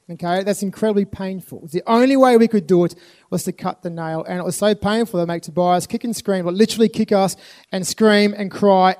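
A man's voice: high-pitched, darkish tone. A man giving a live motivational talk to a festival audience, earnest and repeating phrases for emphasis. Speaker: speaker at a youth festival. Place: live event venue with an audience.

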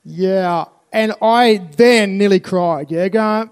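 A youth festival speaker gives a live motivational talk to an audience at an event venue. His voice is high-pitched and clean, and he takes his time, speaking earnestly and repeating phrases for emphasis.

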